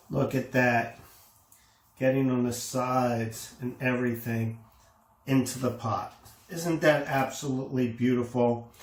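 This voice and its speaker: A man casually demonstrating a recipe in a kitchen, enthusiastic and exclaiming over the food as he works. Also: medium pitch. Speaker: home cooking host. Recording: echoey room, faint noise.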